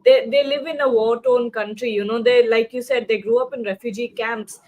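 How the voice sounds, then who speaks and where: A woman with a high voice co-hosts a live cricket talk show. She talks in loose, rambling sentences full of fillers and restarts, and she reads viewer comments aloud. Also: steady tone, normal speed, dull audio. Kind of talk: live post-match discussion.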